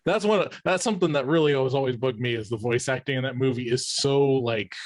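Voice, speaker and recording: A man's voice: mid-range voice, fast talker, dry recording. A man hosting a podcast in casual chat, rambling with frequent restarts and fillers. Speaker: podcast host.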